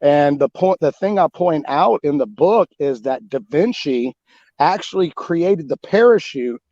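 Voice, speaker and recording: A man talking about his book as a guest in a casual interview, rambling and animated, with many restarts and fillers. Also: a little high, unhurried, no echo, muffled recording. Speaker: guest author.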